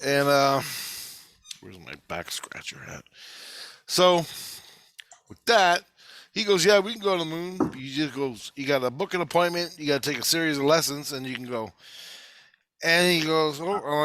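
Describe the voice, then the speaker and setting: A half-awake man rambling through a profane, casual story, quoting others in quick asides. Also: mid-range voice, expressive, fairly bright tone, dry recording, clean studio sound. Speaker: video maker. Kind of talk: casual chat.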